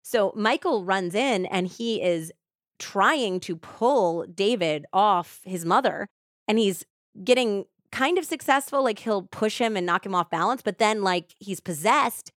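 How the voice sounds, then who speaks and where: In a casual podcast retelling of a true-crime case, a woman host leans heavily on "like" as she chats. Her mid-range voice moves with lively intonation at a measured pace, and the studio-quality recording is dry.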